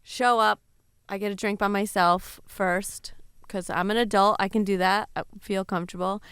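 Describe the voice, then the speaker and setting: A woman comedian guest telling stories in animated casual chat, laughing as she goes. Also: medium pitch, moderate pace, smooth, no room sound, clean studio sound.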